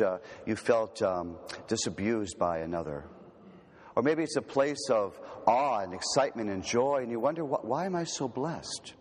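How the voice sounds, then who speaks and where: A man giving a teaching talk on prayer, gentle and unhurried, slowing and softening on key words. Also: medium pitch, slightly rough. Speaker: retreat speaker. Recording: long hall reverb.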